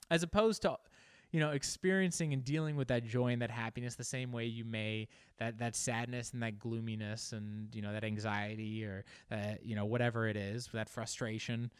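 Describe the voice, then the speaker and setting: A man talks in a casual, reflective monologue and muses aloud as he feels his way toward each thought. His voice is smooth and resonant, at a middle pitch. The recording is close and dry, with no room echo. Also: a bit bright. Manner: musing, searching for words aloud.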